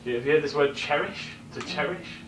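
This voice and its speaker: A man teaches vocabulary to a class at a moderate pace in a voice on the high side, explaining words and regularly using tag questions to check in. As an English teacher recorded from far off, he sounds echoey amid background noise.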